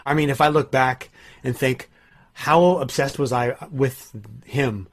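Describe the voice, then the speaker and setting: A man's voice: mid-range voice, steady tone, a little slow. A man, a musician guest, answering thoughtfully with some hesitation. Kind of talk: reflective interview answer.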